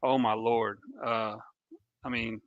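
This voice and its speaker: A man's voice: on the low side, flat delivery, takes it slowly, vocal fry, no room sound, highs cut off. An older man from Kentucky with a Southern accent, co-hosting a casual podcast and reading viewer comments aloud in an easygoing way. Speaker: podcast co-host. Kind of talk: casual chat.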